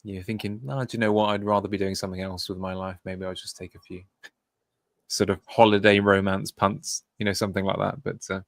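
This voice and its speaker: A man co-hosting a podcast in casual chat, halting and filled with ums as he rambles toward a sign-off. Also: sits low, level tone, creaky, no echo, clean studio sound. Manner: hesitant, filler-heavy wrap-up patter. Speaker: podcast co-host.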